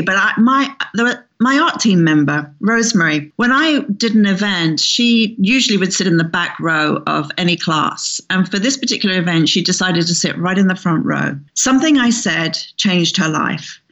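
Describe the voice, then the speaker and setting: A woman, a hairstylist guest in an interview, telling anecdotes in an energetic, emphatic way and repeating words for stress. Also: medium pitch, normal speed. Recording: slightly muffled lo-fi audio.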